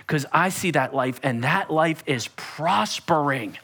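A man preaching a sermon as pastor, animated and conversational with a playful edge. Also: fairly high pitch, a little slow.

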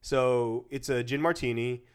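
A man's voice: medium pitch, steady tone, a little slow, smooth. A man co-hosting a podcast, talking casually. He jokes often and laughs at his own gags, in a mid-range voice. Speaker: podcast co-host. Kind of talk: casual chat.

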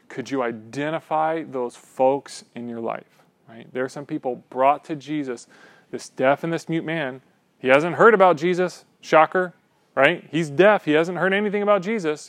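A man delivers a sermon like a friendly chat, tossing in "right?" and playful asides. His voice sits in an ordinary middle pitch. The sound is dry and close. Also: no echo. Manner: conversational, repeats "right?" often. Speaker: teacher.

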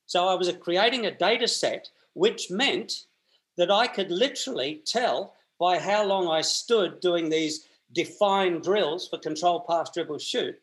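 This is a man in his sixties, speaking as a guest in an interview. His voice sits a little high for a man. He talks in a loose, colloquial storytelling way, with frequent restarts and repeated words. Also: a little slow, a bit bright. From Australia.

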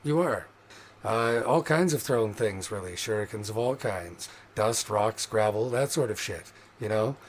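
A man narrating a tabletop game as game master in a loose, profane, energetic way. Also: fairly low pitch, measured pace, slight background noise.

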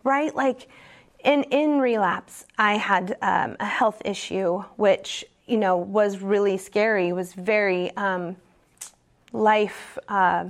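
Candid woman sharing her recovery story. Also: medium pitch. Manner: candid and halting, with many fillers and restarts; earnest and emotionally open. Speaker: speaker sharing at a recovery meeting. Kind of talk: personal recovery testimony.

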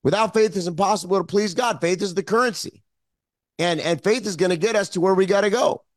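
High-voiced fervent male preacher. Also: a little fast, dry recording. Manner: fervent preaching, repeating phrases. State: emotional. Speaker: pastor. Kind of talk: sermon.

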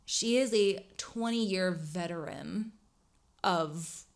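A woman's voice: lowish voice, drawn-out words. A woman in her thirties co-hosting a podcast, telling a true-crime story in a chatty, casual way with lots of fillers. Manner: chatty, lots of "like", laughs often. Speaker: podcast co-host.

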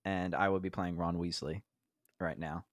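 A man's voice: low voice, fairly even intonation, normal speed, dry recording, clean studio sound. A young man co-hosting a podcast, chatting in an easygoing, rambling way. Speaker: podcast co-host. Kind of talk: casual chat.

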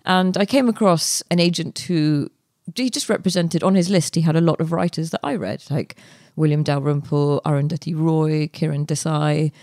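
A young woman, a guest author, telling her story in a relaxed interview, chatty with many fillers and restarts. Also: low voice, moderate pace, no room sound, studio quality.

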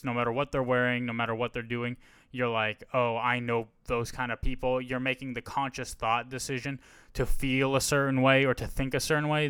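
A man's voice: mid-range voice, fairly bright tone, clear, resonant tone, no room sound. A man hosting a podcast, giving a casual, rambling and frank movie review on a close mic. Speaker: podcast host.

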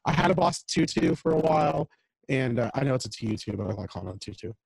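A male podcast co-host chats in a casual, rambling way about food and guitar gear, using a home mic over a video call. He talks fast and expressively at medium pitch with vocal fry, and the recording is dry and low in quality.

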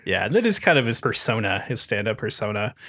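A man in casual podcast chat who gives measured, reflective comments on a show. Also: lowish voice, very animated, sharp tone.

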